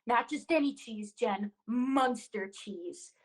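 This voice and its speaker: A woman improviser retelling a story in an animated, playful way over a video call. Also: a little high, takes it slowly, poor audio.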